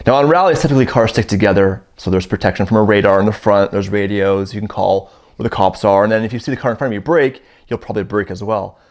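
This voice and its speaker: A man's voice: fairly low pitch, quick pace, few pauses. A man from Canada in his thirties, telling a casual first-person story and acting out the dialogue in it. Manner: animated, acts out quoted dialogue in his stories. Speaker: storyteller guest.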